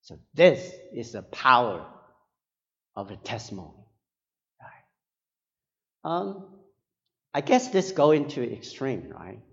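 A male pastor preaching a sermon in a halting, earnest way, often tagging his phrases with a questioning "right?". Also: mid-range voice, sing-song, vocal fry. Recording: dull sound with long hall reverb.

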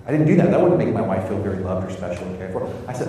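American pastor preaching in an echoey hall. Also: male voice, sits low, animated, racing, mellow, distant mic, slight background noise. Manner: earnest, repeats words while searching for phrasing. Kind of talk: sermon.

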